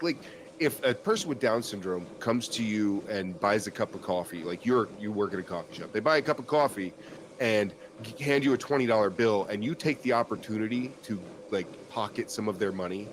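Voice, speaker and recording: A podcast host with a lowish voice chats casually, rambling and cursing freely. His speech is packed with fillers and restarts, and there's noise in the background.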